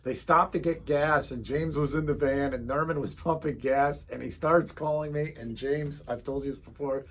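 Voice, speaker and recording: Slightly high-voiced man reminiscing. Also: normal speed, few pauses, a little hiss or hum. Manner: relaxed, reminiscing. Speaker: co-host. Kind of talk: casual storytelling chat.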